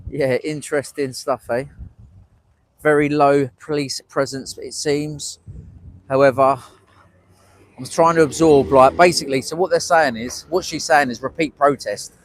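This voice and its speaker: A man's voice: a little high, steady tone, a little slow, dry recording. A man rambling casually to his live-stream viewers from a street protest, speaking into a small wearable mic. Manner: rambling, chatty, talks to chat viewers. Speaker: livestreaming citizen journalist.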